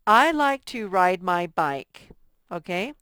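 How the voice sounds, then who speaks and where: Woman teacher, lesson for young children, slow sing-song reading, smooth clear voice. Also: medium pitch, sing-song, fairly bright tone, no room sound.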